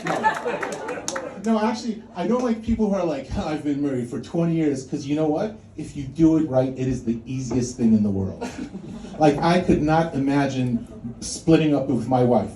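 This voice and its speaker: Wry stand-up with a high voice. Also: male voice, animated, normal speed, warm tone. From Poland. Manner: wry, self-mocking, crude punchlines. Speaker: stand-up comedian. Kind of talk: stand-up set. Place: comedy club stage. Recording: echoey club, mic at a distance, noisy. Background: audience laughter.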